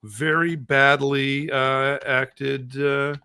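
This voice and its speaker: Chatty man demoing software. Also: medium pitch, little pitch movement, extremely slow, clear, resonant tone. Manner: rambling, many fillers. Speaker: podcast co-host. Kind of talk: casual demo chat.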